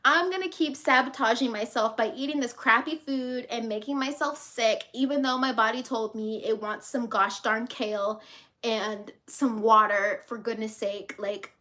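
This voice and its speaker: A woman's voice: a little high, moderate pace, bright, forceful tone. A woman life coach giving an emphatic motivational monologue, blunt and preachy, swearing freely and acting out the inner voices of her listeners.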